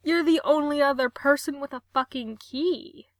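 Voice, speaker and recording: A woman's voice: high-pitched, normal speed, dry recording, voice pushed up, natural voice. A woman voicing a panicky man who keeps swearing and pleading for help. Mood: frantic. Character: frantic naked man stuck in a bath.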